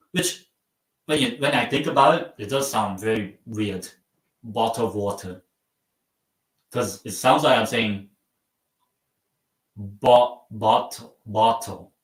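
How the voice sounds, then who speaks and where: A man talks his way through a football match on a live stream at an unhurried, drawn-out pace. He mocks himself and lets his sentences fade into mumbles. His voice sits back from the microphone and rings a little in the room. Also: on the low side. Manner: rambling and self-mocking, trails off quietly. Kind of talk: casual live match watchalong commentary. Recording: roomy sound from a mic at some distance.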